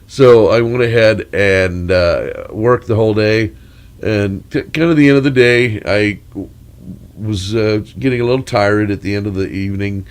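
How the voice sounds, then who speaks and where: A man's voice: on the low side, normal speed, clean tone. A man with a crackly, congested voice from a cold, rambling through a long mic check with corny jokes and wandering asides. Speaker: storyteller.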